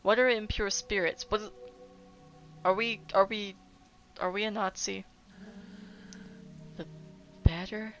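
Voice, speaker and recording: A woman voicing a nervous, fussy clerk of the mines who talks in a hesitant, halting, polite way. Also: medium pitch, steady tone, a bit bright, soft background music. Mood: flustered. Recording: dull lo-fi with faint noise.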